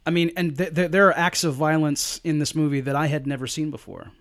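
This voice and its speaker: A man's voice: fairly high pitch, fairly even intonation, brisk, fairly bright tone. A man co-hosting a casual movie review podcast, agreeable with short replies and dry jokes. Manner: agreeable, lots of short backchannels, dry humor. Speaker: podcast co-host.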